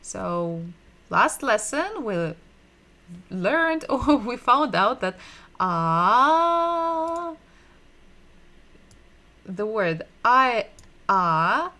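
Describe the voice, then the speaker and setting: A woman giving a livestreamed language lesson, patiently repeating sounds and words slowly so learners can drill them. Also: medium pitch, animated, pushed and bright. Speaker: Russian language teacher.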